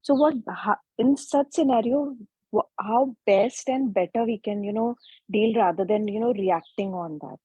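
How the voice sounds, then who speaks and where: A woman caller on a coaching call, asking a question hesitantly with halting restarts, heard over a video call. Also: mid-range voice, mellow, breathy edge, no echo. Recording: dull, dry video-call audio.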